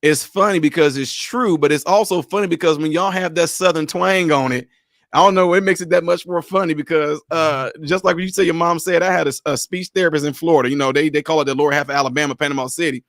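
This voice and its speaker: Male host, high-pitched and dry, loose laughing storyteller for a casual chat. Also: steady tone, quick pace, fairly bright tone, no room sound.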